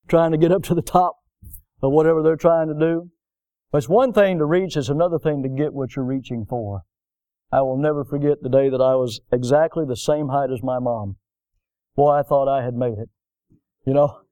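A man preaching a sermon, telling folksy stories and swinging between loud emphasis and softer passages. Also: fairly high pitch, normal speed, long pauses, no echo. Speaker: pastor.

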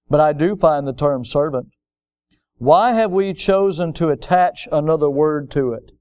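A middle-aged male pastor delivers a sermon, his voice smooth and resonant and pitched a little above the usual for a man. He swings between measured reading and impassioned, emphatic peaks. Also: darkish tone.

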